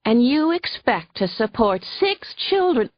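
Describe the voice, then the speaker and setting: A woman's voice: fairly high pitch, sing-song, measured pace, no echo, muffled recording, pitched above the performer's own voice. A woman doing a huffy, snide female attorney. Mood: badgering. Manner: huffy, sharp, badgering questions. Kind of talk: audiobook character voice.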